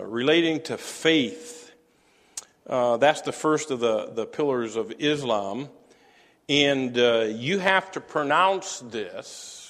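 A man preaching a teaching sermon, halting often with fillers and restarts. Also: mid-range voice, fairly bright tone, in a large hall.

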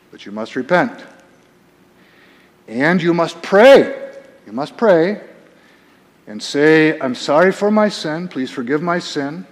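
A man preaching a sermon as pastor, emphatic, swinging between quiet and raised passages. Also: mid-range voice, in a large hall.

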